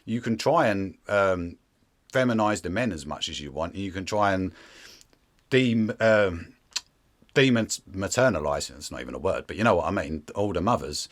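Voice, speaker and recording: Low-voiced chatty man. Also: lively intonation, moderate pace. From Britain. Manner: chatty, rambling, drops to a mutter. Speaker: interviewer. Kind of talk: casual conversation.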